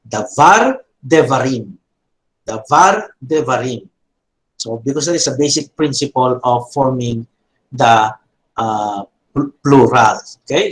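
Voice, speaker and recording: A middle-aged man, giving a lesson slowly, with frequent fillers and repeated drills. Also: mid-range voice. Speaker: teacher. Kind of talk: classroom lecture. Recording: echoey room.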